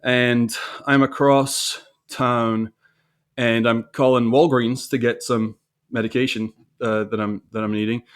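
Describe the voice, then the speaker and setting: A man's voice: mid-range voice, flat delivery, a little slow, smooth. A man telling a story about his own mistake in a candid, self-reflective way, with frequent restarts and repeated words. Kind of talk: conversational storytelling.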